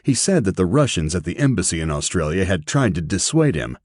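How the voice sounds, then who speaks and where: A man reading an audiobook with steady, even narration. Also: low-pitched, a little fast, no echo, studio quality.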